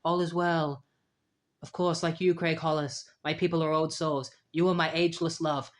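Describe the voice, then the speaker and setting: A man voicing a gentle heroine woman who speaks in a soft, hushed, tender way. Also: on the high side, little pitch movement, normal speed, natural voice. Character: gentle soothing superheroine woman.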